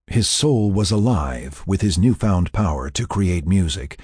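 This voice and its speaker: Husky deep-voiced male narrator. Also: measured pace, no echo, studio quality. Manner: expressive storytelling reader. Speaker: audiobook narrator. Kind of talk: scripted narration.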